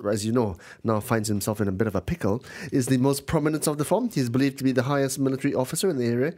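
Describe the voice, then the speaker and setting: A man's voice: mid-range voice, racing, mellow. A man co-hosting a business radio show, talking casually about the news with jokes and lots of fillers. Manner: chatty, jokey, many fillers.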